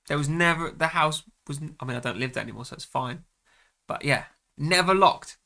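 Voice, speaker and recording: A young man from England with a bright, sharp-edged voice. He chats easily in a relaxed conversation, adding asides and laughing often. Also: a little high, fast talker, vocal fry. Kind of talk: casual chat.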